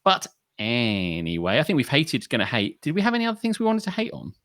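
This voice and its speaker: A man's voice: medium pitch, fast talker, no echo, clean studio sound. A man co-hosting a podcast in casual chat, ranting comically and swearing freely. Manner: animated, sweary, comic rants. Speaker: podcast co-host.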